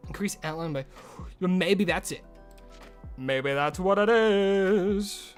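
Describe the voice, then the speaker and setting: Young guy streaming, chatty and sweary, slightly high voice, quiet music in back. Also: takes it slowly. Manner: chatty, swears casually, laughs often. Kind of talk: casual live-stream chat. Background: faint music.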